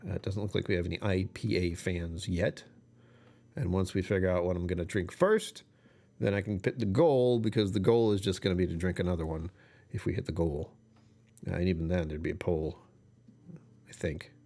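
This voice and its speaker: A man's voice: sits low, normal speed, warm tone. A young man hosting his own livestream in casual, rambling chat, amused by himself as he talks. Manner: rambling, self-amused, chatty. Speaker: livestream host.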